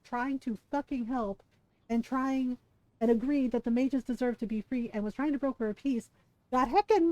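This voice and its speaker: A woman streaming games, talking in a loose, exasperated rant with plenty of swearing and laughter. Her voice sits a little high but has a soft, mellow tone. She acts out the characters she quotes as she complains. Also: dry recording, rough recording. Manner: exasperated ranting, swears freely, laughs often. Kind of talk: casual live-stream gaming commentary.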